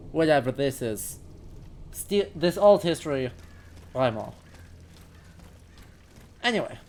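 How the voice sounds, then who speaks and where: A man casually commenting on a video game during a live stream, musing aloud, correcting himself and talking to his chat. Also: sits high. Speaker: history streamer.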